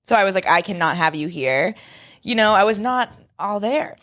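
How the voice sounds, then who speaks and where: A young woman chatting as a podcast co-host, her voice sitting in a middling range. She tells stories with animated swings and plays out her own past lines. The talk is loose and casual. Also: medium pitch, moderate pace. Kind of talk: casual chat.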